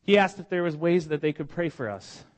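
Pastor with a cold, preaching warmly. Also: male voice, fairly high pitch, animated, brisk. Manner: conversational, emotional storytelling with frequent restarts. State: has a cold. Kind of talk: sermon. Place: church congregation meeting in a school.

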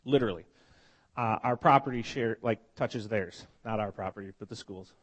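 A man's voice: fairly low pitch, normal speed, fairly bright tone. A man preaching a sermon to his congregation, telling stories in a conversational, heartfelt way with many restarts, while he has a cold. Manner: conversational, emotional storytelling with frequent restarts. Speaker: pastor. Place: church congregation meeting in a school.

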